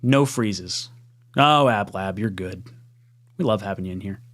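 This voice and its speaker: A man's voice: lowish voice, a little slow, a bit bright. A man hosting a podcast, chatting casually, laughing easily and reading out viewer comments. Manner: laughing, easygoing. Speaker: podcast host. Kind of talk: casual chat, reading live chat.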